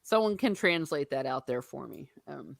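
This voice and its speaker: Irish woman host, low and expressive, chatty and giggly, dry close sound. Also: moderate pace, gravelly, dry recording. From Ireland. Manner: lively, laughs often, chatty. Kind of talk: casual book discussion.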